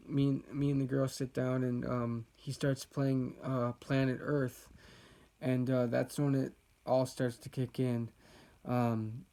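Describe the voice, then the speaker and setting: A man's voice: mid-range voice, gravelly, a little mellow. A young man casually telling a personal story as a vlogger, laid-back and rambling with lots of fillers.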